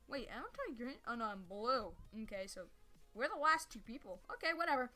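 A woman's voice: fairly high pitch, brisk. A woman giving casual live gameplay commentary who rambles, gets sidetracked, stumbles over her words and breaks into sudden yelps. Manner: sudden excited yelps and squeals. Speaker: gameplay streamer.

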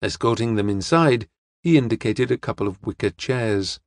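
A man narrating an audiobook in an even, steady storytelling manner. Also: fairly low pitch, normal speed, dry recording, clean studio sound.

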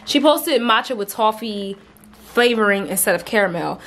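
A woman's voice: mid-range voice, animated, normal speed, a bit bright, a little hiss or hum. A young woman in her twenties talking casually to her camera in a home vlog, upbeat and chatty, laughing often and using lots of fillers. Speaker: vlogger.

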